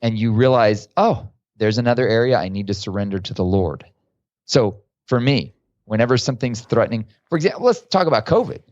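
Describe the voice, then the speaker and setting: A man, a guest author and coach, telling stories in a casual, lively way during a podcast interview. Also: mid-range voice, a little fast, no room sound, lo-fi sound.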